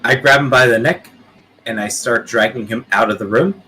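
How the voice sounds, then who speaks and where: A man's voice: medium pitch, normal speed, sharp tone, breathy edge, low-quality recording. A man playing a tabletop game who states his moves briefly and plainly. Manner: brief, matter-of-fact action statements. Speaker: player.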